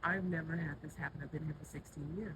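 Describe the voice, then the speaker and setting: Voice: medium pitch, fairly even intonation, quick pace. Breathless vlogger filming in a garden. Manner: chatty, talks aloud to an animal, startled. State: a little out of breath. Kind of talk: casual handheld vlog commentary. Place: outdoor home garden. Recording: outdoor audio with clear traffic noise.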